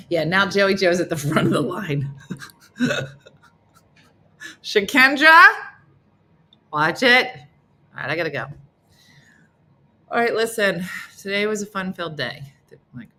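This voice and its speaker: A middle-aged woman hosting a casual live morning chat, playful and teasing as she talks to her viewers. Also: sharp tone. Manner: playful, teasing, bursts into high silly voices for others. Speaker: live show host.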